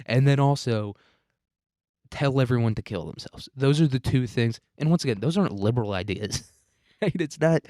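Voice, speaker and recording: A man's voice: mid-range voice, darkish tone, no room sound, studio quality. A man hosting a solo podcast in a casual monologue, rambling and crude, often laughing at his own jokes. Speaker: podcast host.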